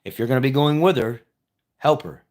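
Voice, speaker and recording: A man's voice: mid-range voice, lively intonation, fairly quick, darkish tone. A man telling a personal story in a casual, rambling way, repeating himself and chuckling as he goes. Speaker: vlogger.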